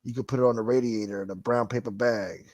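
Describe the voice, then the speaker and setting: A man's voice: mid-range voice, steady tone, fast talker, darkish tone, dry recording. A man hosting a livestream, reading chat comments aloud and riffing on them in profane, rambling, wisecracking casual chat. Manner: profane, rambling, wisecracking, calls people boy.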